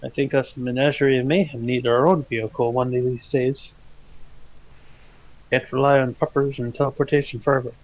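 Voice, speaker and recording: A man's voice: medium pitch, fairly even intonation, a little fast, highs cut off. A man playing in a tabletop game, joking and chatting in character with wry remarks. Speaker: player. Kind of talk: casual in-character chat.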